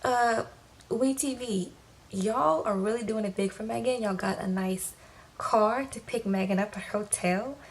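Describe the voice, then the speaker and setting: A woman giving a casual, animated recap of a TV episode, talking in slangy, lively fashion. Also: mid-range voice, unhurried, rough recording. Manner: animated, slangy, acts out quotes. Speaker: TV recap vlogger. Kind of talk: casual recap with acted quotes.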